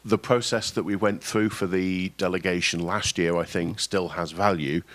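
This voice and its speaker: A man's voice: deep voice, steady tone, normal speed, fairly bright tone. A man, a cloud team delegate, talking casually and apologetically at a conference discussion, with restarts. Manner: self-deprecating, apologetic, rambling with restarts. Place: conference room session.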